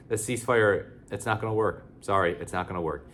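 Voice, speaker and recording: A man's voice: lowish voice, brisk, a bit bright. A man giving casual, sarcastic political commentary, blunt and loose with many fillers.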